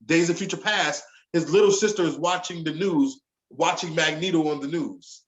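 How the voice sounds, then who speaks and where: A man's voice: a little high, moderate pace, highs cut off. Chatty man in a roomy space. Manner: animated storytelling, repeats "you know what I'm saying". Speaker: podcast co-host. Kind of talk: casual chat.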